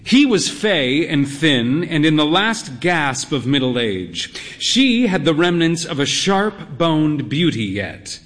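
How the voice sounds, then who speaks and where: Male narrator, literary story reading, dry wry delivery, slow, very expressive pitch.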